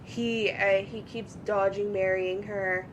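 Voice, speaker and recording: A woman's voice: mid-range voice, slow pace, noisy background. A woman co-hosting a casual podcast, telling stories with lots of swearing and acting out both sides of phone calls. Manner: animated storyteller, swears freely, acts out both sides of calls. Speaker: podcast co-host. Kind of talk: casual chat.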